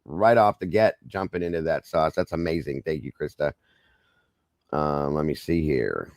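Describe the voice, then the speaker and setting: A hoarse man hosting a true-crime livestream, greeting viewers by name and ranting angrily with plenty of swearing. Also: extremely low pitch, normal speed, a little mellow, dry recording, studio quality. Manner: angry, ranting, swears freely. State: hoarse, losing his voice. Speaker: livestream host.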